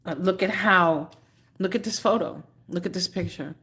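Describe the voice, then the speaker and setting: A woman giving a live tarot reading, chatty and unhurried, choked up and often clearing her throat. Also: fairly low pitch, background noise. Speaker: tarot reader.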